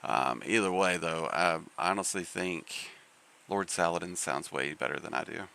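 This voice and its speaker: A man's voice: low voice, moderate pace, creaky, pushed and bright, smooth. A man hosting a live game stream, chatting casually in a rambling way with lots of fillers and restarts.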